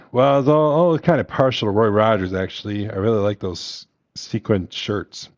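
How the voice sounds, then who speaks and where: A man's voice: fairly low pitch, steady tone, normal speed, no room sound, dull audio, close to an everyday voice. A man voicing a defiant, wisecracking American action-hero cop with dry humor.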